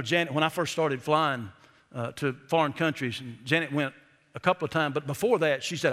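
In a church sanctuary, a middle-aged pastor preaches with folksy storytelling, drawing out emphatic phrases to stress what matters. He has a high, bright, forceful voice, and long reverb trails off the hall.

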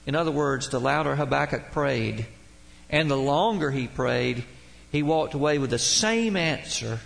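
A man's voice: medium pitch, lively intonation, measured pace, vocal fry, fairly bright tone. A man preaching a sermon as pastor, with dramatic swells and drops and emphatic quotations.

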